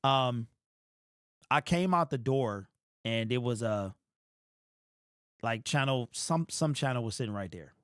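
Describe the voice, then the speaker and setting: A man hosting a sports fan livestream, tired and emotional, his frustrated talk rising into shouted rants. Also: medium pitch, animated, a little slow, long pauses, no echo, studio quality.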